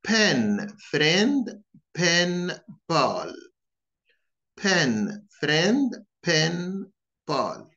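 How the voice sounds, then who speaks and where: Male English teacher drilling vocabulary, very slow, sing-song pitch, dull lo-fi sound. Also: very animated, sharp tone. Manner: slow, deliberate, repeats each word in pairs.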